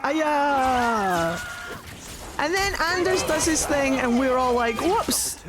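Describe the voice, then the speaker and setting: Excitable, chatty woman streaming a game. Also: high voice, normal speed. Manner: excitable, chatty, swears freely. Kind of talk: live gameplay commentary.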